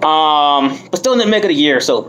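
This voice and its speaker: A man in his thirties from the United States gives a candid personal testimony at a recovery meeting, mocking himself and swearing freely. His fairly high voice is animated and brisk. A crowd can be heard in the background of the rough recording.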